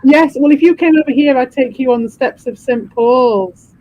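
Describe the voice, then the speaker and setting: Male streamer, high voice, sweary rambling chat, muffled lo-fi audio. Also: moderate pace. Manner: swears freely, rambling and animated. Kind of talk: casual chat.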